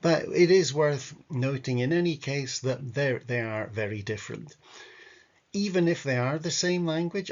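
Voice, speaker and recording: A man giving casual, wry travel commentary over his photos, full of rambling asides. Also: mid-range voice. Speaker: travel guide vlogger. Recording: dull lo-fi audio.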